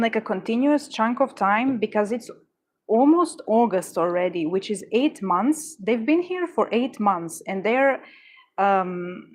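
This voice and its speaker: A woman hosting a livestream, chatting casually with viewers and stuttering, with frequent restarts and fillers. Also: mid-range voice. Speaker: livestream host. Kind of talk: casual chat answering viewers.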